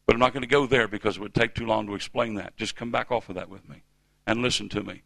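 A man's voice: lowish voice, steady tone, quick pace, vocal fry, a bit bright, no echo. A man in his fifties from the United States preaching a sermon in a church, with emphatic call-and-response delivery. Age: 50s.

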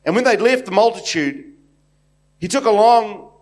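Brief: New Zealand male pastor, slightly raised pitch, loose anecdotal sermon delivery with plenty of "uh" and restarts. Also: animated, normal speed, a little mellow. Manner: rambling, anecdotal, many restarts and fillers. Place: church hall with congregation.

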